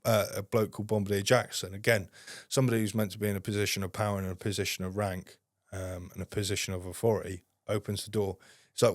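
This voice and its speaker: A man's voice: fairly low pitch, flat delivery, fast talker, hardly any pauses, no echo, studio quality. A man, a podcast guest, telling a story in a casual, blunt way and swearing constantly.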